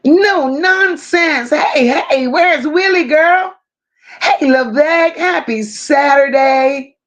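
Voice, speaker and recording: High-pitched woman greeting her livestream chat. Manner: warm drawn-out greetings, reads chat aloud. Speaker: livestream host.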